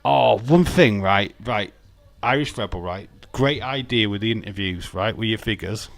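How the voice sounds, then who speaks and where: A man's voice: fairly low pitch, moderate pace, gravelly, no echo. A man hosting a live watch-along, chatting casually and joking with his viewers, often laughing. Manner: talks to viewers and chat by name. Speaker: livestream host.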